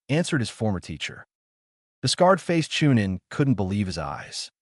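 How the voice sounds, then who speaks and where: A man narrating a fan-fiction story in a steady storytelling manner. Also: on the low side, normal speed, dry recording, studio quality.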